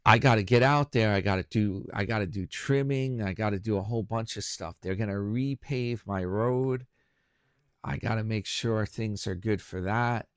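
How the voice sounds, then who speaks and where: In a smooth, lowish voice at a moderate pace, a YouTube commentary host rambles through a casual solo chat, joking about himself to his viewers. There's no room sound, and the audio is studio quality.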